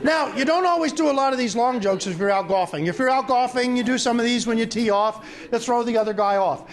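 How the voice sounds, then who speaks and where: A man's voice: very high voice, fast. A man telling adult stand-up jokes to a live crowd and laughing at his own punchlines. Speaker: comedian.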